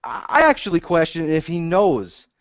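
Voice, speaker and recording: A man's voice: fairly high pitch, big pitch swings, moderate pace, dry recording. A man co-hosting a podcast, arguing bluntly and emphatically in casual, profane chat. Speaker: podcast co-host. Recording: dull lo-fi audio.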